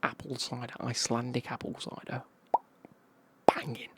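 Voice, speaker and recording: A man from England with an English accent, telling a casual travel story in a whispered ASMR style, in a husky whisper with slang. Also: medium pitch, level tone, normal speed, very noisy. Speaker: ASMR creator.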